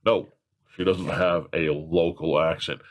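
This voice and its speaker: A man's voice: deep voice, fairly even intonation, unhurried. A man hosting a casual question-and-answer chat, rambling through long explanations with chuckles. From California. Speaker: host.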